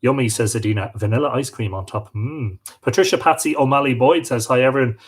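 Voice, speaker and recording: A man's voice: mid-range voice, a little fast, husky. A man hosting a live stream, chatting and greeting viewers as he reads out their comments. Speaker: host.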